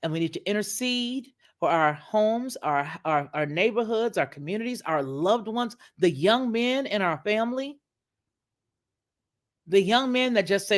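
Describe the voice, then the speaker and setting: A woman's voice: mid-range voice, expressive, measured pace. A woman commenting on a video in a preacherly, emphatic way, quoting scripture as she goes. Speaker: online commentator.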